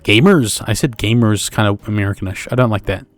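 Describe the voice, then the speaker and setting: A man's voice: fairly low pitch, steady tone, quick pace, no room sound. Rambling young New Zealand man. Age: 20s. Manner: rambling, self-correcting, swears casually. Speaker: podcast host. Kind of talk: solo podcast monologue.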